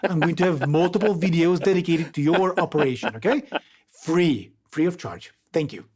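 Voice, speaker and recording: Eastern European man, podcast guest, fairly high voice, loose chatty delivery with fillers. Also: moderate pace, slightly rough. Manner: animated, lots of fillers like "like" and "right". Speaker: guest, video creator. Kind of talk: casual podcast conversation.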